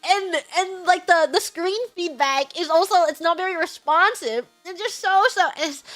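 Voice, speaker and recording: A young woman streamer casually retelling an outing, animated and laughing often. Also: very high voice, normal speed, hardly any pauses. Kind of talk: casual storytelling chat. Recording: faint music behind.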